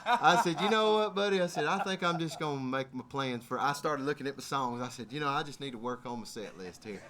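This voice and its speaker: A man's voice: medium pitch, fairly quick, a bit bright. A middle-aged man from Georgia with a Southern accent, telling a funny travel story on stage in a folksy way, laughing often and acting out both sides of the talk. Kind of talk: humorous storytelling to a live audience.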